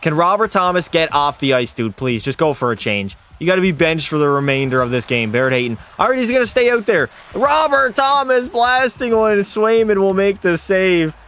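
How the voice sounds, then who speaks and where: The Canadian streamer's voice is high-pitched and smooth, moving at normal speed with few pauses. He gives excitable play-by-play of his hockey game in mock sportscaster style, mixing in casual banter with chat and some swearing.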